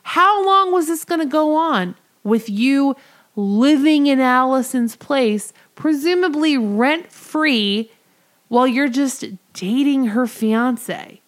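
A woman's voice: sits high, animated, slow pace. A woman co-hosting a casual chat show, scolding and indignant as she rants. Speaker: podcast co-host.

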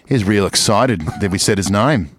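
A man's voice: fairly low pitch, normal speed, fairly bright tone, husky. A man co-hosting a podcast in casual chat, easygoing and laughing along as he reads listener emails. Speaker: podcast co-host.

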